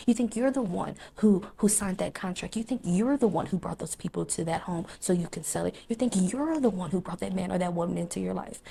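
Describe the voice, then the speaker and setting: A woman's voice: medium pitch, vocal fry, mellow, a little hiss or hum, close to an everyday voice. Stern God rebuking a believer voiced by a woman. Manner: emphatic, repeating phrases for weight.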